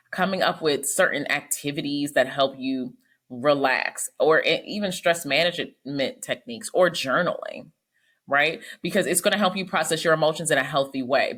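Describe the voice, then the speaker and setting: Woman, psychologist, deep voice, slightly husky, fast animated talk. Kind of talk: casual advice talk.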